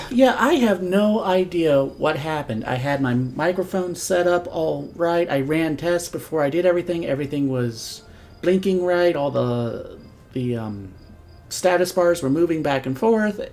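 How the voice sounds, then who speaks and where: Rambling let's-play host with vocal fry. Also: mid-range voice, animated, measured pace, a little mellow. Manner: rambling, chatty, self-deprecating. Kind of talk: casual gameplay commentary.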